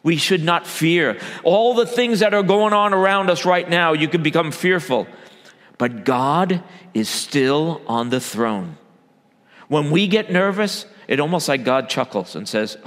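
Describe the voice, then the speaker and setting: A man's voice: expressive, measured pace. Man preaching in a reverberant hall. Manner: swings between loud emphatic bursts and low quiet asides. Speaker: church elder preaching. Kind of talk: sermon.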